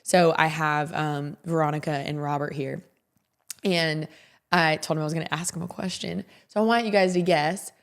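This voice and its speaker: A woman's voice: sits low, steady tone, moderate pace. Rambling, emotional woman podcast host. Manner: emotional, rambling, repeats herself. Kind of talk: casual podcast monologue.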